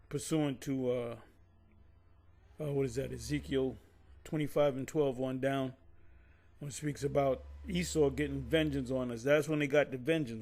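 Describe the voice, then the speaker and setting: A man with a medium-pitched, slightly mellow voice teaches from the Bible casually. He rambles, frequently pauses to correct himself, and drifts into side stories.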